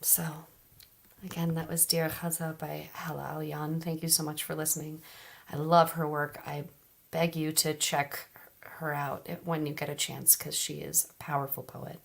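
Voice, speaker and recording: A woman at an open mic reading poems aloud in a soft, measured way, dropping into hushed, whispered phrases. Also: low-pitched, little pitch movement, vocal fry. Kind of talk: poetry reading.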